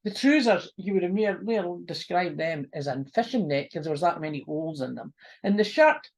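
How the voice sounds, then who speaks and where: Gravelly Doric storyteller, a woman. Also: fairly low pitch, a little fast. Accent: North-east Scots (Doric). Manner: lively, homely, uses broad Scots words. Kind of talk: oral folk storytelling.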